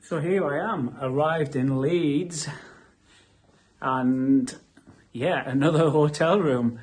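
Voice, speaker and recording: A man's voice: on the high side, slow, darkish tone. Chatty man vlogging from his car. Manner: chatty, upbeat, loose with fillers. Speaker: entrepreneur vlogging his business trip. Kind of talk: casual vlog talk to camera. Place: in his car and outdoors on a windy coast. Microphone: camera mic without his clip-on microphone.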